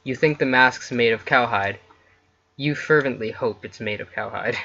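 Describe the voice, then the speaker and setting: A man's voice: medium pitch, moderate pace, gravelly, sharp tone, lo-fi sound, slight background noise. A man hosting a let's play, reading interactive fiction aloud between casual chat with his co-player. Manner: reads story text then chats casually.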